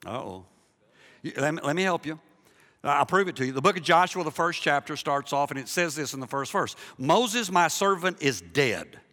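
Bright-voiced preacher in a reverberant church. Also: male voice, fairly high pitch, quick pace. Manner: animated preaching, swings between loud emphasis and hushed softness; jokey asides to the congregation. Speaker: pastor. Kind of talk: sermon. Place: church sanctuary.

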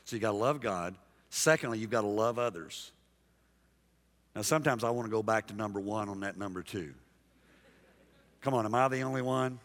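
A man preaching a sermon as pastor, emphatic and dynamic, dropping soft and then rising loud while he calls out to the congregation. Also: on the low side, a little fast, long pauses. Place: large church sanctuary. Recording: long hall reverb from a big church.

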